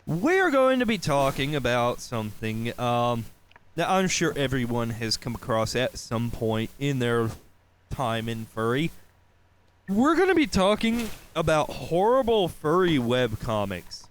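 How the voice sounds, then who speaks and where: A slow-talking man with a slight Southern drawl hosts a casual podcast chat. His pitch swings widely as he rambles and curses freely. A faint hiss sits under the recording. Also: sing-song. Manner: loose, swearing, drawn-out delivery. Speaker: podcast host.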